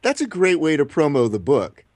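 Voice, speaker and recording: A man's voice: fairly high pitch, sing-song, normal speed, darkish tone, no room sound. Teasing podcast man, dry close mic. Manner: playful, teasing banter. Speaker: podcast co-host. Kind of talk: casual chat.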